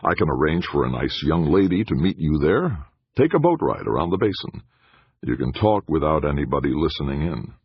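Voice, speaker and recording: A man's voice: extremely low pitch, very animated, fairly quick, breathy edge, dry recording, dull audio, exaggerated voice. A man voicing a slick, breezy male PR director who talks in a glib, joking way.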